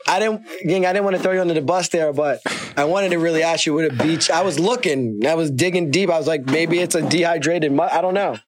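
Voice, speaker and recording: A man's voice: fairly high pitch, fast talker, slight background noise. A man chatting casually on a podcast, loose and self-mocking, laughing as he talks. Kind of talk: casual chat.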